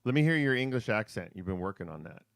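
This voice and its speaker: A man's voice: fairly low pitch, very animated, fast talker, dry recording. A middle-aged man hosting a casual family chat show, laid-back, joking and teasing. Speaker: host, father of his co-host.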